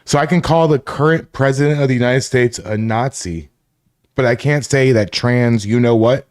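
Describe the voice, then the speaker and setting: A man's voice: mid-range voice, moderate pace, a little mellow. A man hosting a casual livestream, swearing and laughing often while reacting to chat. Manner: profane, laughing, rambling. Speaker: livestream host.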